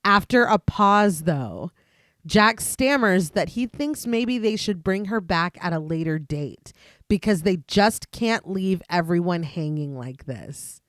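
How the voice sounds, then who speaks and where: A woman co-hosting a podcast, narrating a detailed film plot recap in a steady voice. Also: fairly low pitch, takes it slowly, dry recording, clean studio sound. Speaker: podcast co-host.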